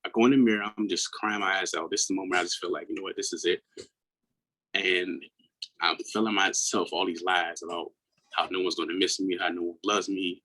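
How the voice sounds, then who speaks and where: A man's voice: low voice, fairly even intonation, brisk, poor audio. Earnest man in his thirties from Maryland. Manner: earnest, reflective, often drops to a hushed tone. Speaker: guest, mental health coach. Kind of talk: personal storytelling in an interview.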